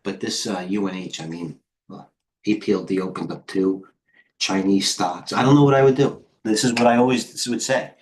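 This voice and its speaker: A middle-aged man hosting a live trading stream, talking fast and excitably as he flips through charts and speaks to viewers in the chat. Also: fairly low pitch, slight background noise. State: out of breath. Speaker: host and head trader.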